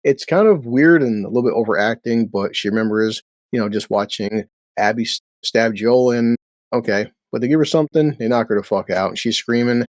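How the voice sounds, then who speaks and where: A man's voice: mid-range voice, a little fast, no room sound. A man giving a casual recap of a TV episode, blunt and sarcastic, swearing freely. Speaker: show recap host.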